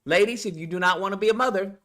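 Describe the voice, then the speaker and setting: A man's voice: high-pitched, fast talker, sharp tone. A man vlogger ranting bluntly and profanely in a commentary video, full of rhetorical questions.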